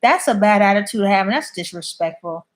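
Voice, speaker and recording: Expressive and mid-range, a woman's voice moves a little fast as she hosts a casual YouTube live stream. Her responses to the viewer comments she reads are blunt and opinionated.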